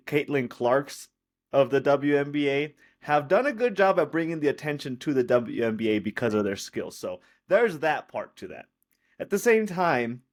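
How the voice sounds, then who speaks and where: A man with an ordinary mid-pitched voice co-hosts a casual sports podcast. He argues calmly and weighs both sides, often restarting his sentences. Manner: measured, hesitant, restarts often. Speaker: podcast co-host.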